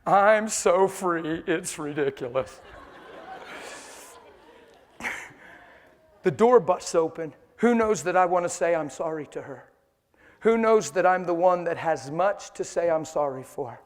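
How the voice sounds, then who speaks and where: Male preacher, high voice, animated storytelling sermon style. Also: slow pace, pauses often, in a large hall. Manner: animated storytelling, laughs often.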